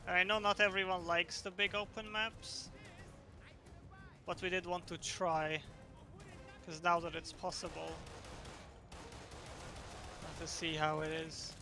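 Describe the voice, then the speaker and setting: A man's voice: high-pitched, a little slow, pauses often. Male game developer, casual streamer, loose and chatty, faint game music under him. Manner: relaxed, explanatory, with fillers. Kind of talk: casual livestream chat.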